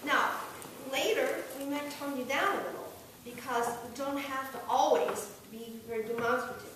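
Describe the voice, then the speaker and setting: A vocal coach with a high voice gives encouraging, demonstrative directions during a singing lesson, now and then singing a line to show how, at a normal speed. She is recorded from a distance in a very echoey room, with a steady noise behind her.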